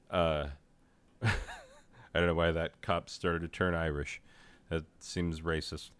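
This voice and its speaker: Brief: low-voiced male game reviewer, smooth tone, rambling and self-deprecating. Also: little pitch movement, takes it slowly, pauses often, dry recording. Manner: tangential, self-deprecating, loses the thread. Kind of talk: casual rambling commentary.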